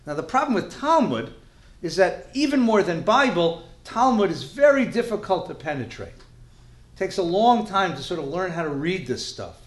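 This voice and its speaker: A male rabbi teaching a class in a lively, joking way, asking the room questions and dropping Yiddish words. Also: high-pitched, normal speed, echoey room. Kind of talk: lively lecture to a live class.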